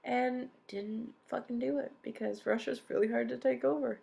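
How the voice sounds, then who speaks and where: A young woman co-hosting a podcast, telling history in a casual, animated way, swearing freely. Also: fairly high pitch, normal speed, vocal fry. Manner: animated storyteller who swears and acts out quotes. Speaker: podcast co-host.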